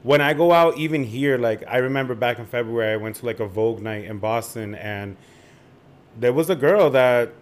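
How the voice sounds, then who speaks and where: A young man co-hosts a casual podcast and tells his story with sassy, expressive flair. His voice sits at an ordinary middle pitch for a man. His way of talking is lively and conversational. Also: normal speed. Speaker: podcast co-host.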